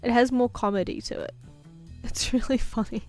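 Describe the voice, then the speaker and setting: Woman, non-American English accent, art streamer, casual rambling chat, fairly high voice, faint music behind. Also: steady tone, moderate pace, darkish tone. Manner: chatty, rambling, jokey, with frequent laughs and fillers. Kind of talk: casual live-stream chat while drawing.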